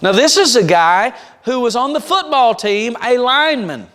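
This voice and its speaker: A man's voice: very high voice, animated, moderate pace, noisy background. A man preaching a revival sermon in a church. He speaks to the congregation directly and tells stories with emphasis. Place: church sanctuary. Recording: long church reverb.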